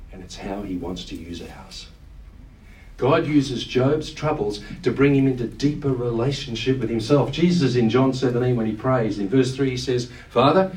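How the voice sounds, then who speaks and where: A man's voice: mid-range voice, a little mellow, distant mic, a little hiss or hum. Earnest man preaching in an echoey room. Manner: earnest, emphatic, slows down to stress quoted lines. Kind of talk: sermon.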